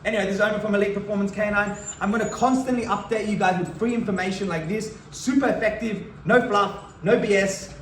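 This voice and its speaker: A man's voice: high-pitched, fairly even intonation, fast, few pauses, slight background noise. A man teaching dog crate training in a direct, blunt way, often breaking off to talk to the dog. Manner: talks to the dog while teaching. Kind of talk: instructional demonstration. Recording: roomy, distant mic, faint ambience.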